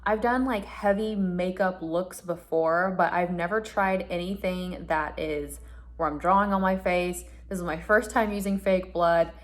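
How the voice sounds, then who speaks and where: A woman beauty vlogger chatting casually and upbeat to camera, with quick asides. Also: fairly low pitch, steady tone.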